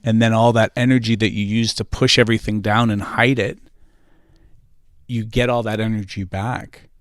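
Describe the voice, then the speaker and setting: A man's voice: fairly low pitch, little pitch movement, normal speed, clean tone, no room sound, studio quality. A man from New England speaking on a discussion panel, telling personal stories earnestly. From New England, United States. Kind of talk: podium discussion.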